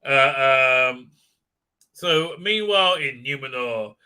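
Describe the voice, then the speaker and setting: A man's voice: medium pitch, animated, slow, pushed and bright, clear, resonant tone. A man ranting sarcastically in a show review, swearing often and full of fillers and restarts. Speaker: commentator.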